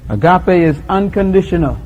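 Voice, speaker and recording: A man preaching with a Bahamian accent, his voice sitting a little high for a man. He tells his points as lively acted-out stories and laughs easily. A faint hiss sits behind the recording. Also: moderate pace, dull audio. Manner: animated storyteller, acts out voices, laughs often. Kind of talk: sermon with acted-out anecdotes.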